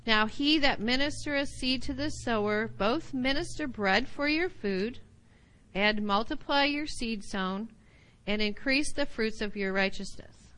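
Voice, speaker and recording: A woman teaching a Bible study class, animated, often checking in with her listeners. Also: a little high, measured pace, smooth, poor audio.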